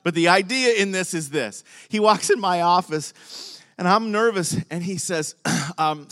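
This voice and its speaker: A man's voice: high voice, moderate pace, fairly bright tone. An older man, a pastor preaching a sermon, tells a personal story with animation, acting out both sides of a conversation and laughing along the way.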